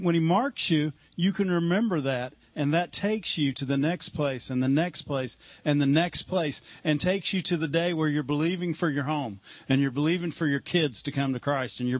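Fervent male pastor with a raised pitch, heard on a muffled recording. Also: no room sound. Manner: fervent, punctuates with praise. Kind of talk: preaching response to testimonies.

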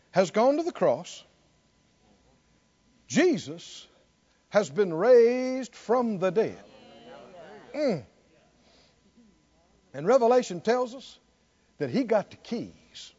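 A man preaching a sermon in call-and-response style, building to near shouts. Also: very high-pitched, breathy edge, dull audio.

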